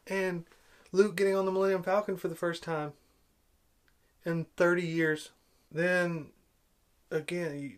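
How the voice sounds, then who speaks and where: A high-voiced man delivering a ranting film commentary. He is sarcastic and exasperated, hammering the same complaints again and again. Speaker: movie reviewer.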